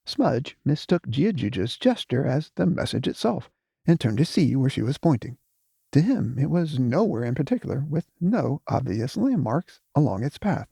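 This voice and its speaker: A man narrating an audiobook with expressive storytelling. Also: medium pitch, creaky, husky, dry recording, studio quality. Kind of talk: scripted narration.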